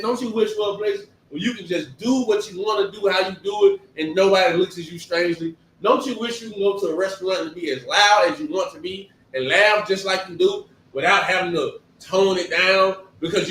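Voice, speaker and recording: A man giving a conversational sermon, talking in an animated, emphatic way and firing off rhetorical questions. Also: high-pitched, a little fast, hardly any pauses, slight background noise. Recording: echoey room, distant mic.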